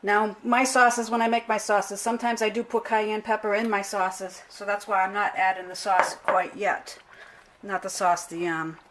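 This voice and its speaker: Middle aged lady cooking at home, chatty and casual, keeps correcting herself, soft clinks of dishes behind her. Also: mid-range voice, flat delivery, normal speed, slight background noise. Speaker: home cook vlogger. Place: home kitchen. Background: clinking pots, pans and cutlery.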